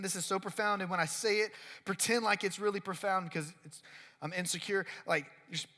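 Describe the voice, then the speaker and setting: Bright, high-voiced youth pastor in a hall. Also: male voice. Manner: chatty, leans heavily on "like", acts out quotes. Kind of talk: casual youth sermon, storytelling. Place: worship center. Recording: long reverb of a worship hall.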